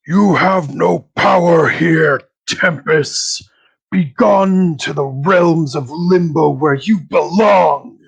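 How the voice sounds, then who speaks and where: A man voicing a stern, zealous male archpriest who booms drawn-out commands, his voice gravelly. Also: highs cut off, exaggerated voice. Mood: commanding.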